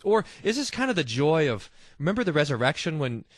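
Animated man hosting a faith talk show. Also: fairly high pitch, fairly quick, no room sound, studio quality. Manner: animated, mimics voices in asides. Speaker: host. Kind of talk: casual religious talk show.

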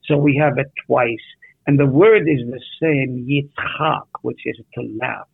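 A man with a gravelly, husky voice leads a Bible study at an unhurried pace. He keeps asking his listeners questions. The sound is thin and phone-like. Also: medium pitch, dry recording. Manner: animated, asks the listeners questions. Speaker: Bible teacher. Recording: tinny phone-like radio audio.

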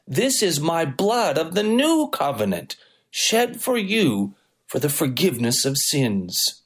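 Man, pastor, sermon, higher voice, animated pitch, emphatic delivery. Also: unhurried, husky. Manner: preaching with varied, emphatic intonation.

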